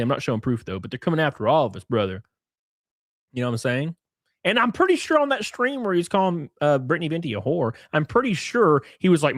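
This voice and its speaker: Talking fast in a fairly high voice, a man hosts a live stream with clean studio sound and no echo. He reads tweets aloud and mocks them with animated, sarcastic, profane commentary, calling everyone "brother" again and again.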